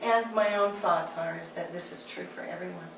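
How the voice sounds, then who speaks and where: A woman's voice: on the low side, moderate pace, vocal fry, background noise. A woman giving a candid, conversational talk and telling a personal story. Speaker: speaker. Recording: echoey hall, distant mic.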